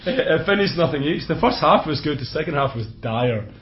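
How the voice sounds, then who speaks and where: A man's voice: on the high side, animated, moderate pace, slight background noise. Chatty Scottish man, lo-fi podcast. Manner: chatty, laughs often, blunt opinions. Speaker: podcast co-host. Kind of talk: casual football chat. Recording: dull lo-fi podcast audio.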